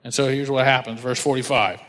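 A man preaching a casual sermon, telling the story with animated asides and acted-out voices. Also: mid-range voice, a little fast. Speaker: pastor. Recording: long hall reverb.

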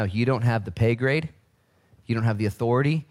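A man's voice: mid-range voice, brisk, a little mellow. A man in his thirties preaching a sermon as pastor, with joking asides and acted-out voices.

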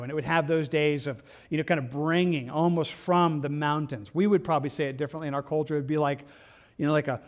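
A man with a somewhat high voice teaches from scripture in an earnest, conversational tone. He often stumbles, repeats words and starts his sentences over as he goes. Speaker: pastor. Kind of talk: devotional Bible teaching.

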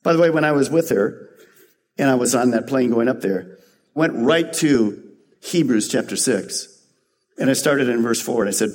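A male pastor preaching a sermon with a husky, slightly breathy voice. He speaks earnestly and pushes to emphatic high points. The sound carries a long reverb, as in a large church. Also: animated, moderate pace, long pauses. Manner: earnest, rising to emphatic peaks.

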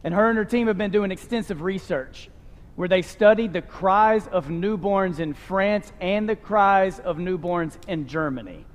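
Man, pastor, sermon, high voice, conversational with joking asides, long church reverb. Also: unhurried. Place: church sanctuary with live congregation.

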